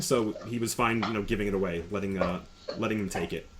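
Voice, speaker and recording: A man's voice: lowish voice, fairly even intonation, a little fast, a bit bright, a little hiss or hum. A man recapping the last session of a tabletop game as game master, rambling with fillers.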